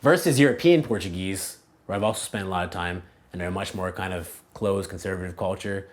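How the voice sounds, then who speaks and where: A man with a fairly low voice answers interview questions about learning languages. He talks in a loose, animated way, full of "like" and "you know," and often restarts a phrase as he works out his thoughts. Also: a little fast. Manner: casual, animated, many "like" and "you know" fillers; thinks aloud, restarts phrases. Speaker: language coach, interview guest.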